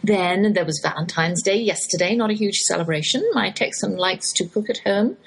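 Middle-aged English woman, cheerful talk-radio host, slightly breathy. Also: medium pitch, normal speed, poor audio. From West Germany. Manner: cheerful, chatty, faith-inflected. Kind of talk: chatty scripted radio monologue.

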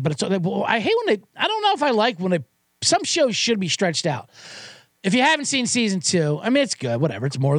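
Sarcastic, high-voiced man ranting. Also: vocal fry, a bit bright, no room sound, studio quality. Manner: profane, sarcastic, rambling with restarts. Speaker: podcast host. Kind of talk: comedic rant.

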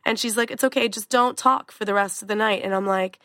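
A woman's voice: mid-range voice, fairly even intonation, a little fast, hardly any pauses, sharp tone, no room sound. A woman psychotherapist co-hosting a podcast in casual chat, recovering from a cough, with dry humor.

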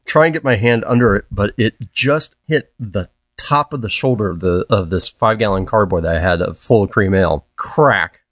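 A man's voice: fairly low pitch, moderate pace, hardly any pauses, fairly bright tone, no room sound. A man co-hosting a podcast, telling brewing disaster stories and reading listener letters in a dry, wry way. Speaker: podcast co-host.

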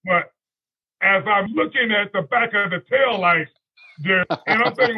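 As a guest on a radio talk show, a man rambles through a long anecdote, sprinkling in "you know" and "right?". His voice is high and husky at a moderate pace, and the sound is lo-fi.

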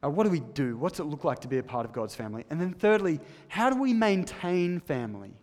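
Male preacher, emphatic with soft asides, slightly high, long church-hall echo. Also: sing-song, fast talker. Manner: emphatic, shifts between loud stresses and soft, low asides. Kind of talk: sermon.

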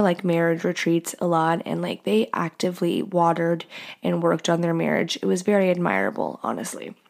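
A woman's voice: lowish voice, vocal fry, a little mellow. A young woman hosting a casual solo podcast, talking in a candid, crude and joking way and laughing often. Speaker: podcast host.

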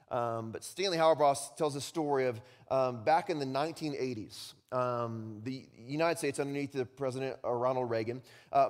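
A man preaching a sermon, animated, swinging from loud, high mocking voices to low, quiet, earnest tones. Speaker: pastor.

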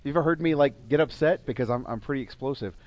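A man co-hosting a wrestling talk show, talking in halting, stammering bursts. His voice is mid-pitched, and the recording is dull and lo-fi. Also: darkish tone. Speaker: wrestling podcast co-host. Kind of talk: casual chat.

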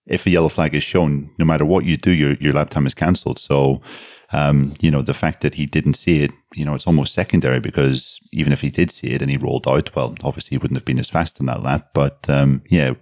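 A man's voice: a bass voice, fairly even intonation, a little fast, few pauses, a little mellow, dry recording, studio quality. A man talking as a racing pundit, matter-of-fact with some fillers. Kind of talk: studio discussion.

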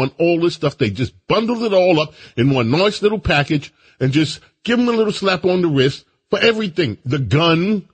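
A man hosting a political talk radio show, delivering an animated, mocking monologue. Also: fairly high pitch, slightly rough. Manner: animated, mocking, mimics stammering officials. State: out of breath.

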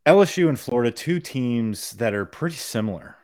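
A man's voice: medium pitch, expressive, a little fast, darkish tone, no echo, clean studio sound. A man co-hosting a podcast, chatting casually about college football, loose and laughing, with the odd swear. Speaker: podcast co-host. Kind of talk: casual sports chat. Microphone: studio podcast mic.

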